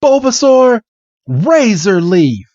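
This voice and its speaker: A man's voice: on the high side, very animated, a little slow, darkish tone, dry recording. A jittery young trainer, voiced by a man, stammers in a raised, boyish tone, over dull, dry audio. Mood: jumpy, unsure. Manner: stammering, hesitant. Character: nervous young male Pokémon trainer.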